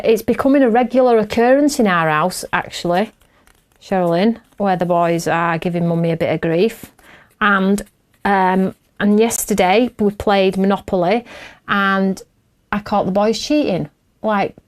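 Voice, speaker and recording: A woman's voice: mid-range voice, unhurried. A middle-aged woman, chatting and laughing as she hosts a craft show while she works. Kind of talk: casual chat while crafting.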